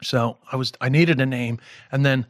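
A middle-aged man from New York, a comedian guest on a casual podcast, telling stories in an animated, profane way with bursts of laughter. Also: medium pitch, moderate pace, dry recording.

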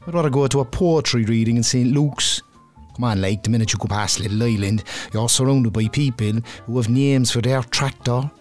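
A man's voice: mid-range voice, normal speed, darkish tone, faint music behind, lightly acted. An actor playing a blunt, slangy working-class man from Cork city with a Cork accent, ranting in an advice-column sketch. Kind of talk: comic radio sketch.

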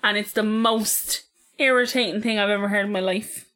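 A woman's voice: medium pitch, fairly even intonation, normal speed, a bit bright. An Irish woman co-hosting a podcast, chatting casually and saying "like" a lot. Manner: filler-heavy, says "like" often. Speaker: podcast co-host, storyteller. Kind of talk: casual chat.

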